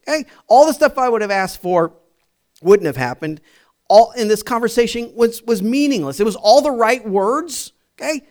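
A man's voice: high voice, animated, normal speed. A man preaching a sermon, telling a personal story in a chatty way with fillers and restarts, building to emphatic repeated phrases. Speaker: pastor.

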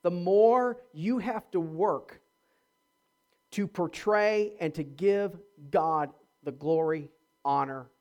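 A pastor preaching a sermon, emphatic, repeating words and restarting phrases, and asking the congregation rhetorical questions. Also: mid-range voice. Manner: swings from quiet asides to near-shouting.

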